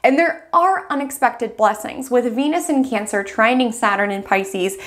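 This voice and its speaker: Expressive storytelling woman, fairly high. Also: normal speed. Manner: storytelling in second person, lively and expressive. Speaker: astrology host. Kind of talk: weekly astrology forecast.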